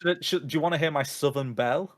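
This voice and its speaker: A man's voice: fairly high pitch, fast talker. A male actor appearing as a guest in a casual chat, easygoing and modest.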